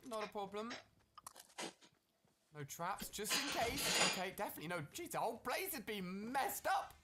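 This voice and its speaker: A man's voice: high voice, sharp tone, slight background noise. A man giving upbeat, chatty commentary over his own gameplay video and talking straight to his viewers. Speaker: gaming video creator.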